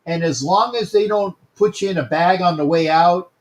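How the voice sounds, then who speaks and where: Male stream host, rambling and friendly with viewers, voice sits a bit high. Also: normal speed. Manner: chatty, repeats himself, greets viewers by name. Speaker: host of a sports talk livestream. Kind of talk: casual livestream chat.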